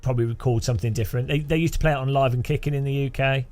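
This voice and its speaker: A man's voice: mid-range voice, steady tone, rapid-fire, darkish tone, faint music behind. A man from the UK hosting a game livestream, rambling and joking, often laughing, reading chat aloud. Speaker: game streamer.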